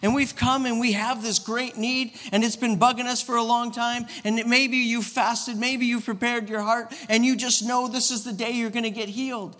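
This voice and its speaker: A man's voice: extremely high pitch, level tone, moderate pace, few pauses, a bit bright. A man, a guest pastor, preaching a sermon in a casual storytelling way, often restarting his sentences. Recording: long reverb of a church hall.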